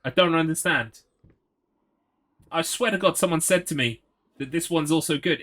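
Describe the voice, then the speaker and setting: A man's voice: a little high, normal speed, pauses often, a bit bright. A young man streaming a horror game, ranting sarcastically and swearing as he gets frustrated. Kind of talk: live gameplay commentary.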